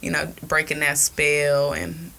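A woman chatting casually on a podcast, telling a story in an animated way, laughing often and swearing freely. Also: deep voice, slow, gravelly, a little hiss or hum. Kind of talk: casual chat.

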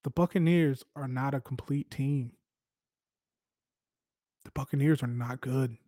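A man hosting a casual football commentary show, giving opinionated, animated takes with lots of filler words. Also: medium pitch, unhurried, no echo, studio quality. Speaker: sports podcast host.

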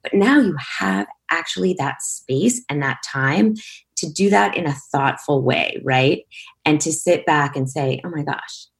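Low-voiced middle-aged woman chatting as a guest. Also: a little slow, slightly rough. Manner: conversational, peppers talk with "you know" and "right". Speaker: guest, management consultant. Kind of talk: casual interview chat.

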